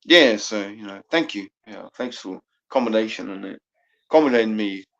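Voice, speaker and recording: A man's voice: fairly low pitch, lively intonation, fairly quick, creaky, a bit bright. Rambling New Zealand man, lo-fi. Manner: rambling, swears a lot, laughs often. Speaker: guest caller on a live panel. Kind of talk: casual chat. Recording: dull lo-fi sound.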